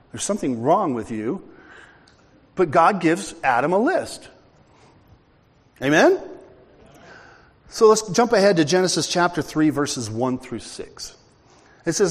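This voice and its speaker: Animated older male preacher in a hall. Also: fairly high pitch, moderate pace. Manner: animated, conversational preaching with acted-out dialogue. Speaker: pastor. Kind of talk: sermon.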